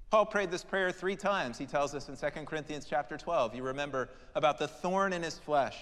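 A man delivers a sermon in a church, his fairly high voice rising into emphatic declarations and then dropping to hushed, prayerful lines. His words carry a long reverb through the large sanctuary. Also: a little fast, hardly any pauses. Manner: dramatic, swinging between loud emphasis and hushed prayerful tones. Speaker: preacher.

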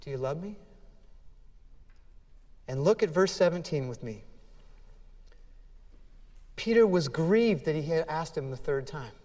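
A man's voice: on the high side, lively intonation, a little slow, pauses often, mellow, big-room sound. A man preaching a sermon as pastor, earnest and emphatic, acting out scripture dialogue with feeling.

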